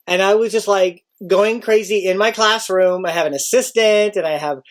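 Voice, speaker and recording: Here the same kind of speaker, a man who teaches, recounts an anecdote at a moderate pace. Dramatizing his own panic, he breaks into abrupt high-pitched outbursts.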